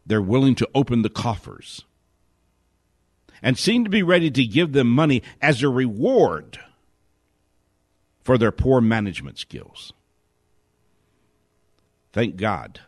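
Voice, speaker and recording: A man's voice: medium pitch, no room sound, studio quality. Indignant man firing rhetorical questions. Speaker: host. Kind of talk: spoken commentary monologue.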